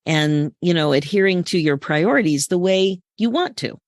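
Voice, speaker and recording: A woman's voice: on the low side, animated, normal speed, no echo. A woman hosts the conversation with friendly, encouraging questions. She speaks casually, and the recording is dry and close. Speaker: podcast host, midlife coach. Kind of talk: casual interview hosting.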